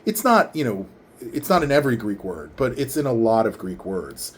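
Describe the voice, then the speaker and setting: A vlogger casually explains to camera how to pronounce his name, leaning in toward the microphone. His mid-range voice is sing-song, and he enunciates carefully, repeating words slowly syllable by syllable.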